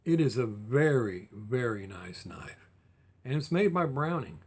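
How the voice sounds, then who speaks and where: A man's voice: mid-range voice, expressive, a little slow, a little mellow, breathy edge. A man talking casually to camera in a collector's vlog, rambling with restarts and getting heated as he goes. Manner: rambling, repeats and restarts, gets heated and fired up. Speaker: diecast collector vlogger.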